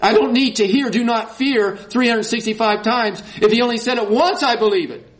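A man preaching a sermon in a folksy, animated way, rising to high emphatic peaks. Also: moderate pace. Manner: folksy, says y'all.

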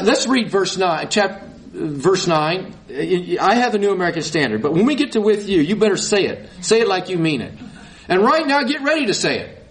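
In this low-quality recording, a high-pitched man delivers a sermon, reading from scripture and leading his congregation in call-and-response. Folksy asides pepper his preaching.

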